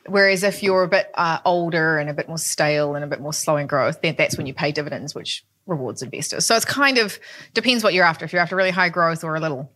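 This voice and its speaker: A woman's voice: deep voice, fast talker, a bit bright. A young woman, co-hosting a casual podcast and chatting about money news with plain, laughing explanations. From New Zealand. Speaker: podcast co-host.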